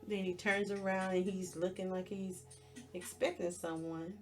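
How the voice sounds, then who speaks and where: With faint music behind her, a woman speaks at normal speed in a voice on the low side with fairly even intonation. She hosts a podcast, casually retelling a show's plot scene by scene in storytelling fashion, as a movie recap.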